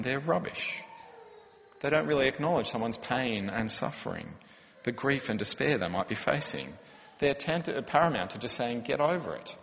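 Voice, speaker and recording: In a reverberant church hall, a man preaches a sermon with earnest, conversational delivery and plenty of rhetorical questions. He is a pastor with a medium-pitched, fairly bright voice, recorded with long hall reverb.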